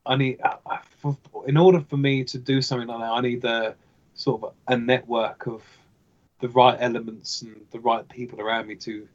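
A man's voice: medium pitch, little pitch movement, moderate pace, dull audio. A man talking as a guest in casual chat. He speaks hesitantly, with many fillers and restarts. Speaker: podcast guest.

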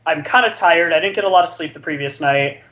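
A man's voice: fairly high pitch, fast talker, sharp tone, highs cut off. A man casually telling a long story among friends, rambling and filling his talk with likes. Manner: rambling, filler-heavy with many likes. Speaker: podcast co-host telling a story.

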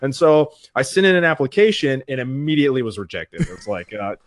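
A man's voice: mid-range voice, very animated, a little fast, dry recording. A young man, a streamer and podcast guest, telling a rambling, self-deprecating story in casual chat. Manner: rambling, self-deprecating, acts out quoted voices.

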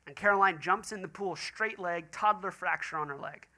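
A man's voice: high voice, normal speed. A man, a pastor preaching a sermon and telling stories in acted quoted voices. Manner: animated storytelling with quoted voices.

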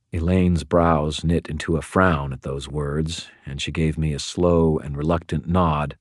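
A man giving measured, even first-person audiobook narration. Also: a bass voice, no echo, clean studio sound.

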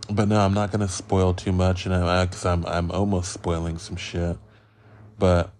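A man hosting a casual film review podcast, rambling and profane, a bit loopy from being high. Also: darkish tone. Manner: rambling, loose and profane, goes off on riffs. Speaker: podcast host.

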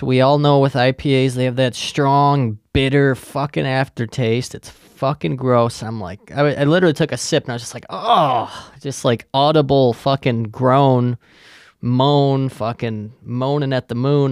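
A man's voice: mid-range voice, steady tone, normal speed, creaky, darkish tone, clear, resonant tone, no room sound, studio quality. A man hosting a podcast, talking in a sarcastic, rambling monologue full of profanity. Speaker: podcast host. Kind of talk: casual comedic monologue.

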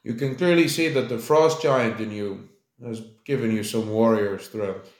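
A man voicing an admiring giant lord with a slow, deep voice. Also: a little mellow, reverberant, lightly acted.

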